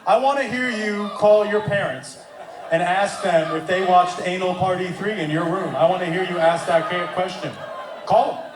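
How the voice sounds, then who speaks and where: A comedian doing his smug deadpan teenage son. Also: high voice, moderate pace, far from the mic, noisy background, pitched below the performer's own voice, lightly acted. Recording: roomy club recording with audience.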